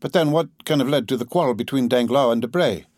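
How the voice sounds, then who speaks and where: A man reading a composed, mysterious wealthy count in an audiobook, calm and measured. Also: medium pitch, dry recording, clean studio sound, close to an everyday voice. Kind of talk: audiobook character voice.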